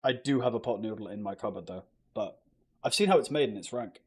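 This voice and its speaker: This young British man streams live, chatting loosely with his audience, cracking jokes, and swearing often. He talks fast in a fairly low, slightly rough voice.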